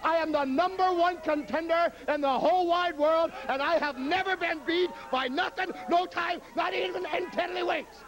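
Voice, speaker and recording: A man's voice: very high-pitched, normal speed, hardly any pauses, low-quality recording. A man cutting a brash wrestling promo, boasting and taunting in folksy slang and laughing between lines.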